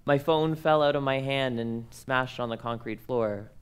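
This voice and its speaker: A man's voice: mid-range voice, measured pace, clean tone. A young man, speaking at a workshop and telling comic personal stories in a playful, self-mocking way, acting out the dialogue.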